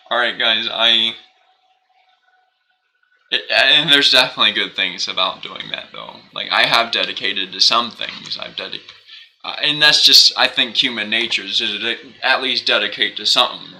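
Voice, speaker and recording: Bright-voiced rambling young male streamer. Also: on the low side, normal speed, slight background noise, poor audio. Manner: rambling, self-questioning, animated, laughs often. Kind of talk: casual live-stream chat while gaming.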